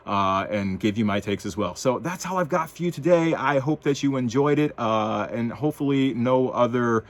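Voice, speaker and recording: A man's voice: mid-range voice, expressive, moderate pace. Man, vlogger, sarcastic commentary, casual, wry. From United States.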